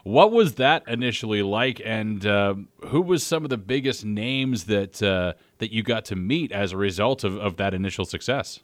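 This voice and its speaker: A man's voice: lowish voice, lively intonation, normal speed, hardly any pauses, no room sound. A man with an Ontario accent hosting an interview, asking long friendly questions. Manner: friendly, wordy questions with repeats. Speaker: radio host.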